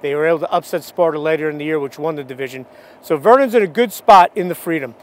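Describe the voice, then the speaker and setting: A man's voice: a little high, fast. A man giving a conversational local baseball preview, reeling off players and records with frequent fillers. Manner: conversational, fact-heavy rundown with fillers. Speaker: sports analyst. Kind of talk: local radio sports preview.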